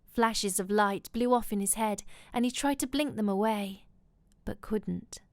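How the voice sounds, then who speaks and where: A woman reading a romance novel aloud in a soft, intimate, often whispered way. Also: medium pitch, a little slow, dry recording. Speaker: audiobook reader.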